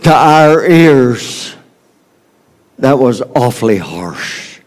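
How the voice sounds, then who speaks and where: Southern US male pastor, slow dramatic sermon delivery, emphatic then hushed. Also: sing-song. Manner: dramatic, swings from loud emphasis to hushed low tones.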